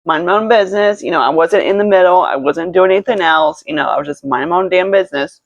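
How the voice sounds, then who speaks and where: A woman's voice: on the low side, quick pace, no room sound. A woman chatting casually while doing her makeup, rambling through a story with lots of swearing and restarts. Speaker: beauty vlogger. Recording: dull lo-fi, dry sound.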